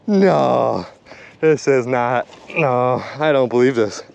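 Excitable gravelly man vlogging outdoors. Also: medium pitch, slow. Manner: upbeat, talks to viewers while straining to haul a load. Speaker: magnet fishing vlogger. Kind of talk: excited outdoor vlog narration. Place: outdoors on a kayak and shore by water. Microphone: action camera.

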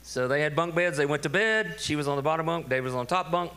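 A middle-aged man, a pastor telling a story in a sermon, animated and laughing. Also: a little high, quick pace, clear, resonant tone. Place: church.

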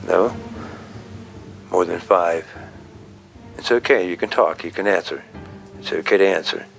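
A man's voice: low voice, a little slow, gravelly, fairly bright tone, faint music behind. A man talking casually to his viewers and pleading with a spirit at home, repeating himself often. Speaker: paranormal investigator. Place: at home indoors.

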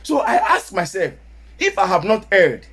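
A man with a Nigerian Yoruba accent, preaching a sermon as pastor, sometimes rising to shouts. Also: high-pitched, very animated, moderate pace, husky.

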